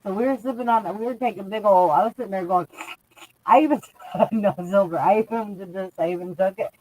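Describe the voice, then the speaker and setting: A woman's voice: medium pitch, a little fast, darkish tone, slight background noise, rough recording. A woman in her thirties chatting casually on a stream, rambling through stories, swearing and laughing often. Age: 30s. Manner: laughing, crude, rambling storyteller. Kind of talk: casual group chat.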